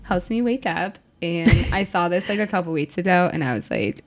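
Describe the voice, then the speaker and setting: A woman's voice: fairly low pitch, animated, a little fast. A young woman co-hosting a casual podcast, reading news aloud with a giggly mock newscaster flair. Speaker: podcast co-host. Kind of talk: casual chat.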